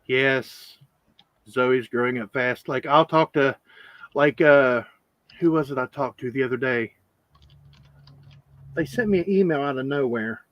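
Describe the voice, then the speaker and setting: A man's voice: mid-range voice, a little slow, pauses often, no echo, lo-fi sound. A man hosting a casual coin-collecting live stream, rambling and greeting chat viewers by name.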